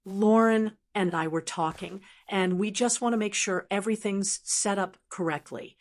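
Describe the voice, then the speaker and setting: A man's voice: sits high, normal speed. Woman voicing a pushy grown son. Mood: coaxing. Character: pushy middle-aged son pressing his mother.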